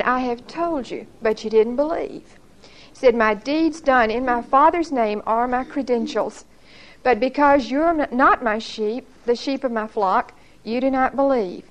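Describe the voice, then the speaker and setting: A middle-aged woman leads a Bible study lesson in a church. Her voice sits a little high, and she explains each point earnestly. She keeps asking her listeners to recall what they studied before. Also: low-quality recording.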